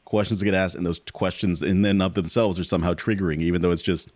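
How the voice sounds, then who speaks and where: A man on a podcast with a very deep voice, recorded close and dry. He chats casually, speaking in a measured way with a wry edge. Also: fairly even intonation, a little mellow, dry recording. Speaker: podcast co-host.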